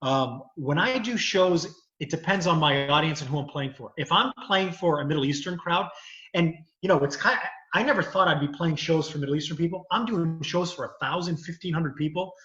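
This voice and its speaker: A man's voice: fairly high pitch, fairly quick, fairly bright tone. A man, a comedian who is also a lawyer and actor, explaining his craft at length in a casual video chat. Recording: echoey, dull lo-fi video call.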